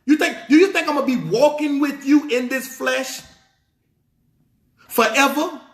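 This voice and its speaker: A man's voice: very high voice, sing-song, unhurried, pushed and bright, voice pushed up, full character voice. A man voicing Christ scolding his disciples in a sermon, exasperated and firing off rhetorical questions. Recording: roomy echo.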